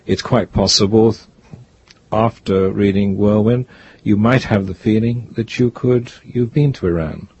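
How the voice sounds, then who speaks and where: An older man, a guest author, telling stories in an interview in a rambling, reflective way with a gravelly, husky voice. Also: lowish voice, a little slow, darkish tone, muffled recording. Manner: rambling, reflective, restarts often. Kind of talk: interview, storytelling.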